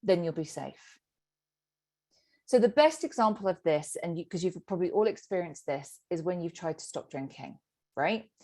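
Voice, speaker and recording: A woman's voice: lowish voice, moderate pace. A middle-aged woman, a sobriety coach teaching a group session and acting out the inner voice. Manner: animated, acts out inner voices.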